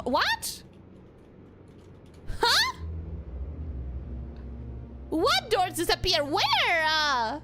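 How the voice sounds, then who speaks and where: Very high-pitched excitable woman streamer. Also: very noisy. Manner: excitable, jumpy, repeats herself when startled; greets chat viewers by name. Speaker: streamer playing a video game. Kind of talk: live gameplay commentary. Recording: game music playing behind.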